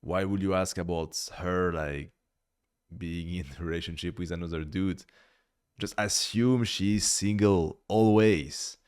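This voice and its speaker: Blunt guy ranting through a reaction vid, lowish voice, clean and crisp, swears a lot. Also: steady tone, measured pace, a little mellow. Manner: blunt, critical, swears freely. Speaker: video reviewer. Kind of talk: casual reaction commentary.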